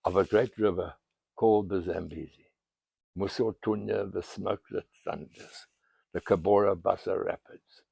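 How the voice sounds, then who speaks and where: An older man from South Africa, an explorer telling history as a dramatic storyteller, with a gravelly, husky voice and bursts of emphasis. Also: low voice, dry recording. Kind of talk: storytelling monologue outdoors.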